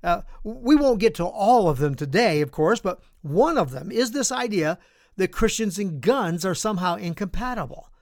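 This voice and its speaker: American male pastor, emphatic sermon storyteller, high voice, dry close sound. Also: normal speed, dry recording. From United States. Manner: animated, emphatic preaching.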